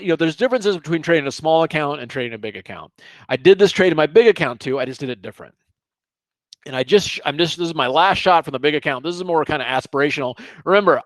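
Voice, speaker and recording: Chatty animated man, dry close sound. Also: fairly high pitch, no echo. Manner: animated, chatty, sprinkles "okay?" and asides. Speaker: trading educator. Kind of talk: casual teaching talk over charts.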